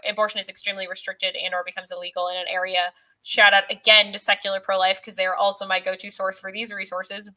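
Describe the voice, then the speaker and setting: A woman's voice: medium pitch, bright, forceful tone. A woman interview guest who argues her points fluently, earnestly and persuasively. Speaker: guest, pro-life advocate. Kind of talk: casual conversational interview.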